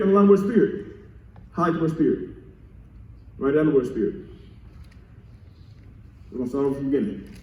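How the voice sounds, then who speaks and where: A male pastor preaching a sermon in call-and-response style, repeating key phrases and swinging from quiet teaching to shouted emphasis. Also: mid-range voice, animated, fairly quick, long pauses, distant mic. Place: church sanctuary. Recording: echoey church room.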